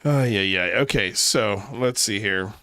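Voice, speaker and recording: A man's voice: on the low side, unhurried, pushed and bright, dry recording, studio quality. A man hosting a skeptical online commentary show, talking casually with a sarcastic, profane edge.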